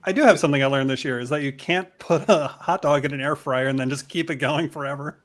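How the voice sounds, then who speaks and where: A man's voice: a little high, fast talker. A man chatting as a guest on a live stream, hesitant at first with dry humor. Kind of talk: casual chat on a live stream.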